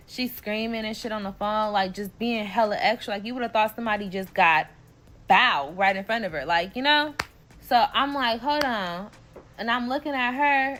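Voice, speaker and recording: A woman's voice: fairly high pitch, expressive, brisk, a bit bright. Bay area woman doing a storytime, swearing a lot, slangy, acts out everybody's lines. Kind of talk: casual storytime vlog.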